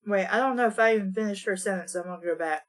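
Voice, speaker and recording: A woman's voice: mid-range voice, very fast. A woman reading a novel aloud and breaking off for blunt, sarcastic asides. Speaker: audiobook reader and commentator. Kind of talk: casual reading with sarcastic commentary.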